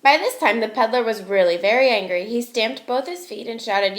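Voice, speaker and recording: A woman teacher reading a storybook aloud to young children, expressive and slow, asking her listeners questions. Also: fairly high pitch. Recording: echoey room.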